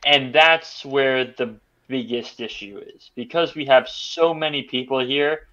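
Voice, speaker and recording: Male podcast guest, mid pitch, rambles with restarts, muffled lo-fi sound. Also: measured pace, pushed and bright. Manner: rambling, many restarts and stammers. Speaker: film reviewer. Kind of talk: casual podcast chat. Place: podcast studio.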